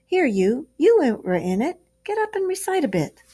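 A woman's voice: high-pitched, big pitch swings, normal speed, dark tone, pitched above the performer's own voice. Eager, homely male mole, fond and friendly, voiced by a woman reading aloud.

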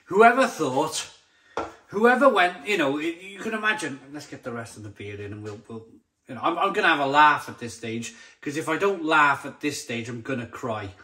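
A man's voice: mid-range voice, animated, a little fast, sharp tone. A man reviewing a beer to camera in a blunt, exasperated way, often stumbling and repeating himself. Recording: roomy echoey sound.

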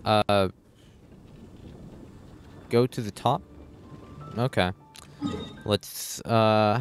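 With a lowish, steady voice, drawn-out words and lots of pauses, a man chats casually on a game stream as faint music plays. He sounds distracted, saying "hold on" over and over as he adjusts settings, cursing loosely and talking back to his chat.

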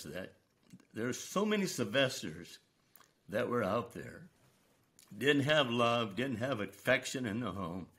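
An older man, a retired school principal, telling stories from his career in an earnest, unhurried way during an interview. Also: on the low side, fairly bright tone. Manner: slow, earnest storytelling with quoted dialogue. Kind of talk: storytelling interview.

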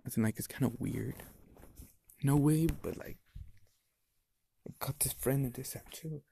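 A man's voice: medium pitch, unhurried, vocal fry, dark tone, a little hiss or hum. A man chatting casually to his viewers in a vlog, rambling offhand with plenty of "like" and "so yeah". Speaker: vlogger.

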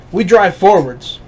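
A man's voice: high-pitched, a little mellow, a little hiss or hum. A man co-hosting a casual podcast, telling stories with frequent laughter and swearing. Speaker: podcast co-host. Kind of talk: casual chat. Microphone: podcast microphone.

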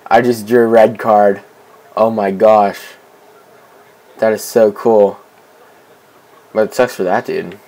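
A young man casually commenting on his own soccer video game match, excitable and repeating himself as he begs teammates for the ball. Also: on the low side, slow pace, pauses often, low-quality recording. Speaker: gameplay commentator. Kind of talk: casual let's-play commentary.

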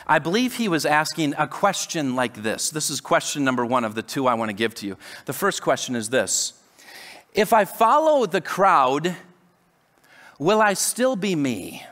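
Animated male pastor preaching in a hall. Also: fairly high pitch, moderate pace. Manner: animated, conversational preaching with many restarts and acted-out quotes. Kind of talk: sermon. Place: church sanctuary.

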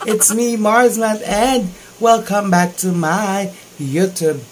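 A man's voice: sits high, steady tone, slow, a little hiss or hum, low-quality recording. A man with a Filipino accent hosting a casual reaction video, gushing with exclamations of amazement. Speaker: YouTube reaction vlogger.

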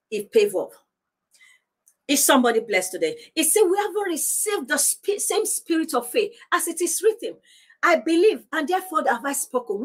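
High-voiced woman pastor preaching. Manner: insistent, repeats declarations, prays aloud. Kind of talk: sermon teaching on divine healing.

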